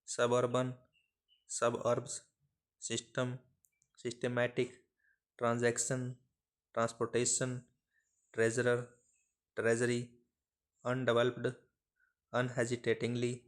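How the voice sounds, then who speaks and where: A man reading out short phrases and single words one by one for shorthand dictation practice, in a measured, even delivery. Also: mid-range voice. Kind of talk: slow dictation of word lists.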